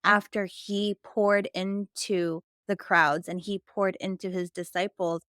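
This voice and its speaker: A woman hosting a podcast in an upbeat, affirming way. Her voice is smooth and clear, and the recording is dry and close, with no room sound. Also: medium pitch, level tone, fairly bright tone, no room sound. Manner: upbeat and affirming, quick to agree. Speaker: podcast host. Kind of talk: faith-based business interview.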